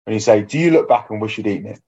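A man with a lowish voice talks over a dull, lo-fi recording. He chats casually on a podcast as a fitness coach. He is reflective and acts out his own inner voice as he goes. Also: racing, dark tone, slightly rough. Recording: dull lo-fi sound.

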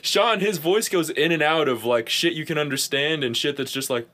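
The young man co-hosts a podcast, his fairly high voice moving at a normal speed as he tells stories with lots of laughter, energy and free swearing in easygoing talk.

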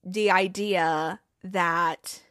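A woman's voice: on the low side, fairly even intonation, drawn-out words, a bit bright, no echo, studio quality. A woman hosting a casual TV recap, retelling scenes with quoted lines and frequent laughs. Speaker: TV recap podcast host.

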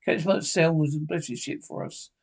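A boastful old pirate quartermaster, put on by a male reader, talks in thick rough sailor dialect. The voice sits slightly high, cunning and full of swagger. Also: steady tone, normal speed. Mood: commanding.

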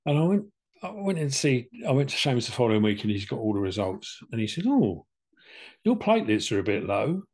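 A man's voice: medium pitch, expressive, fast talker, darkish tone. Chatty older man. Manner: chatty, plain-spoken, acts out both sides of conversations. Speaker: podcast co-host telling his cancer story. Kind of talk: casual storytelling chat.

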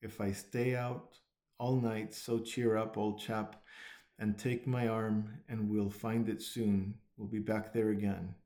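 A man reading aloud as a kind, loyal male water rat who speaks gently and heartily. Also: lowish voice, level tone, takes it slowly, echoey room. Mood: hearty. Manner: gentle, then hearty and encouraging.

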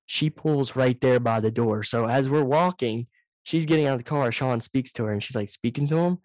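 A man hosts a casual podcast over a video call, telling stories in an animated, profane way. His mic sits right up against him, so he comes through loud and close. The sound is dry. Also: mid-range voice, a little fast, dry recording. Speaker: podcast host. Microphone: too close to the microphone, loud.

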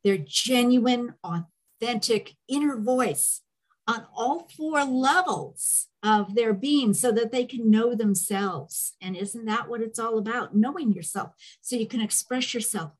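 A woman hosts a podcast and speaks slowly and deliberately. Her voice sits on the higher side, and she heaps enthusiastic praise on her guest. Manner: gushing, enthusiastic introductions. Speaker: podcast host. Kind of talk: casual podcast interview.

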